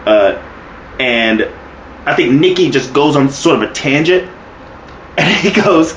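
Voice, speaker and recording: A man's voice: on the high side, expressive, measured pace, pauses often, a bit bright, reverberant, highs cut off, slight background noise. A man co-hosting a wrestling podcast in casual chat, talking profanely and acting out quotes with laughs. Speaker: podcast co-host.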